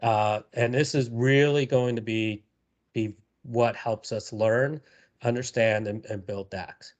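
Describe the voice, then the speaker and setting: A man presenting a live software tutorial, talking casually with many fillers and repeated words. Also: medium pitch, fairly even intonation, slow.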